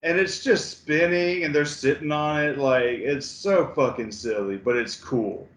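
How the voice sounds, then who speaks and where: Slow, laid-back man in an echoey room. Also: on the high side, fairly bright tone. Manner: laid-back, halting, many fillers and swears. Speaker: podcast co-host. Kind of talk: casual movie review chat.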